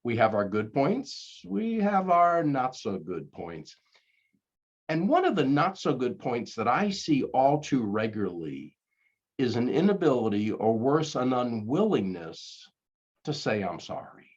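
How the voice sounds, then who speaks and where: A man's voice: mid-range voice, sing-song, measured pace, husky. An older man, a conflict coach, giving earnest, coaxing advice straight to the camera and acting out sample apologies. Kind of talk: direct-to-camera advice talk. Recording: dull lo-fi recording.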